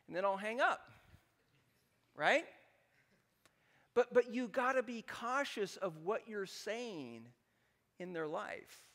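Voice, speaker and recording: High-voiced pastor joking through a sermon. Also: male voice, normal speed. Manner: animated and joking, asks the congregation "right?" again and again. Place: church sanctuary.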